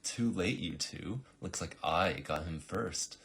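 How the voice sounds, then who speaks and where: A man's voice: low-pitched, takes it slowly, a bit bright, husky, heavily acted. A man voicing a smug male assassin who taunts his rivals.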